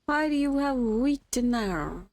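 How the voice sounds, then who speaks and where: A woman's voice: on the high side, expressive, unhurried, no echo. Playful woman streamer talking to herself. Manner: playful, talks to herself, sings little tunes. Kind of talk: casual gameplay commentary. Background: soft background music.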